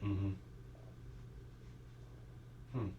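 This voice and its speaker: A man in a casual book club chat, speaking quietly with laid-back murmured agreement. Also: very slow, lo-fi sound, noisy background. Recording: roomy, distant mic.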